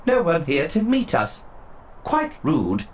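A man's voice: on the high side, wildly swooping pitch, slow, slight background noise, voice pushed up, exaggerated voice. C-3PO: a man doing a fussy, prissy droid. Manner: huffy, prissy. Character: fussy prim male protocol droid. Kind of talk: audiobook narration.

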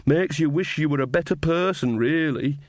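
A man's voice: a little high, normal speed, no echo, clean studio sound, voice pushed up, close to an everyday voice. A man voicing a cheerful, earthy old witch woman with a coarse, jolly way of talking.

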